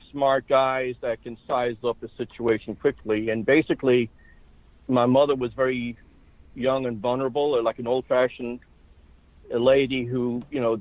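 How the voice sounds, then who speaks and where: A man's voice: medium pitch, no room sound. Man telling his story over a phone line. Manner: halting, with fillers and restarts. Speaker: interview guest. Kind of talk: recounting personal history.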